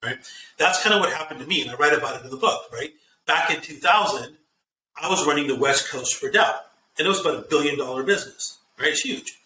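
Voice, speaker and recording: A man being interviewed as a guest, telling stories with lively acted-out dialogue and frequent restarts. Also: fairly high pitch, quick pace, a little hiss or hum. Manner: animated storyteller, acts out quoted dialogue, repeats words when starting. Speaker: guest, CEO and author. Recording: roomy, distant sound with faint ambience.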